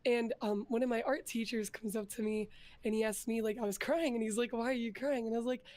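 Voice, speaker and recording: A woman's voice: on the high side, fast. A young woman, a guest in a casual interview, telling her story earnestly with a lot of filler words. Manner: earnest storytelling, growing more energetic. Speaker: interview guest, vtuber and artist.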